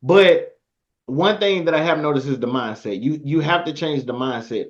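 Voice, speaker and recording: A man hosting a podcast, talking in a laid-back, agreeable and slangy way. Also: medium pitch. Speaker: podcast host. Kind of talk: casual interview talk. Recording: dull lo-fi sound.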